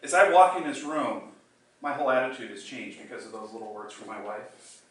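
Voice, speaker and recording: An older man delivering a storytelling contest speech, using dramatic pauses and slowing down for emphasis. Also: mid-range voice, fairly even intonation. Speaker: contest speaker. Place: meeting room or hall. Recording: echoey hall, mic at a distance.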